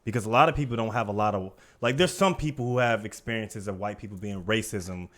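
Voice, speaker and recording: A man on a podcast sharing his thoughts in a measured, reflective way. His voice sits in a fairly low register. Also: a bit bright. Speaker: podcast co-host. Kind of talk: casual podcast discussion.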